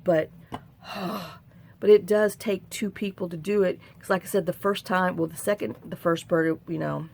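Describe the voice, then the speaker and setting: A woman's voice: fairly low pitch, steady tone, moderate pace, creaky, darkish tone, slight background noise. A middle-aged woman hosting a crafting tutorial at home, chatting in a rambling way with sighs and asides. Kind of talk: casual crafting tutorial chat.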